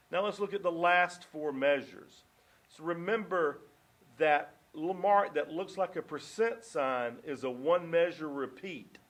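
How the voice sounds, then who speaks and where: Patient man teaching clarinet. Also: fairly high pitch. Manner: steady, patient counting and step-by-step directions. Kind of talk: instructional music lesson.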